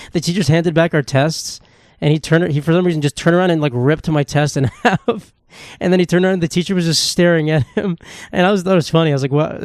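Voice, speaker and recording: Fast-talking profane young man. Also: on the high side, a little mellow, no echo, clean studio sound. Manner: rambling, profane, self-mocking. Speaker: podcast host. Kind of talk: casual solo podcast monologue. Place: home room with knickknacks.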